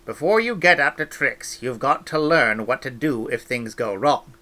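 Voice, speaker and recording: A man voicing a stern, no-nonsense old village witch woman, brisk and scolding. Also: medium pitch, expressive, sharp tone.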